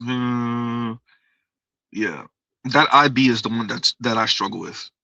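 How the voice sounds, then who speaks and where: A man's voice: mid-range voice, slow, creaky, bright, forceful tone, dry recording, lo-fi sound. A man casually chatting on a livestream, reading viewers' comments aloud, rambling and repeating himself with frequent laughs. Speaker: livestream host.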